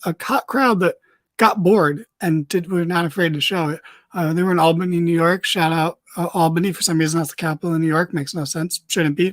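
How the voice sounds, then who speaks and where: Rambling excitable podcast host. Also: male voice, a little high, no echo. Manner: rambling, excitable, lots of fillers. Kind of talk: casual wrestling recap.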